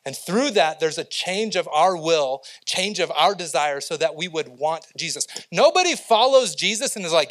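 A man's voice: a little high, expressive, moderate pace, hardly any pauses, a bit bright. A young adult male pastor preaching a sermon, telling stories and building to emphatic points. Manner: storytelling preacher, rising to emphatic peaks.

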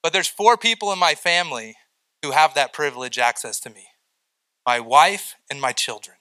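A middle-aged man preaches with a bright, forceful tone. His voice sits a little high for a man. He tells stories with energy and acts out the voices he quotes. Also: normal speed, poor audio. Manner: animated storytelling, acting out quoted voices. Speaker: pastor. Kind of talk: sermon.

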